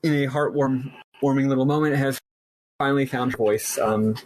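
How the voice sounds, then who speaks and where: A man's voice: medium pitch, steady tone, darkish tone, slight background noise, low-quality recording. A man hosting a podcast, casually recapping a story game in a rambling way. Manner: rambling, lots of fillers and quick paraphrased quotes. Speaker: podcast host.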